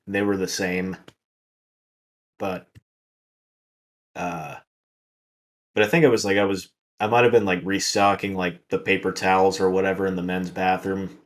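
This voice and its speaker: Very low, flat-voiced laid-back man. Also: normal speed, long pauses. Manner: laid-back storytelling, many likes. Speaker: podcast co-host. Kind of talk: casual chat.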